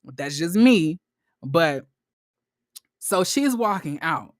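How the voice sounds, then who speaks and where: A man recapping a reality show in a casual, slangy, animated monologue, jumping into high squeals when acting out quotes. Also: slow pace, no room sound, studio quality.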